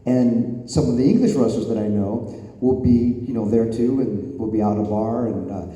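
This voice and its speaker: A man's voice: medium pitch, normal speed, mellow, highs cut off. A man answering fan questions on a convention panel, telling rambling anecdotes with laughs. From California. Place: large convention hall. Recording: echoey convention hall.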